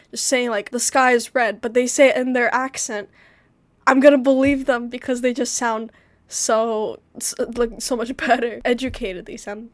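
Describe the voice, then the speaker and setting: Chatty higher-pitched woman vlogging. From United States. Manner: rambling, chatty, with filler words and restarts. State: slightly sick. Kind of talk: casual travel vlog narration.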